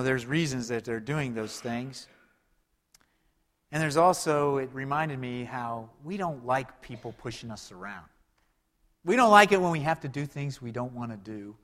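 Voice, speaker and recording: Conversational male preacher in a reverberant hall. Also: mid-range voice. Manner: conversational preaching with rhetorical questions and wide swings in loudness. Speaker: pastor. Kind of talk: sermon.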